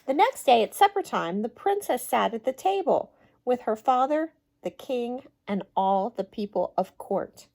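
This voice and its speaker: Slow, gentle woman reading a storybook. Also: a little high, gravelly. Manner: slow, gentle and expressive, chatting with young listeners. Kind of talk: reading a picture book aloud to children.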